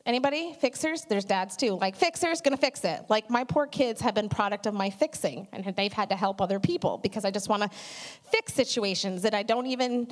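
A middle-aged woman giving a conversational sermon, telling animated stories with many asides. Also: mid-range voice, a little fast. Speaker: church speaker.

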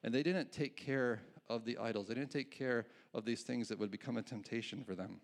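A man preaching a sermon in a relaxed, conversational way. His voice has a gravelly edge at a middle pitch, and he restarts phrases and chuckles now and then. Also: a little fast. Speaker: pastor.

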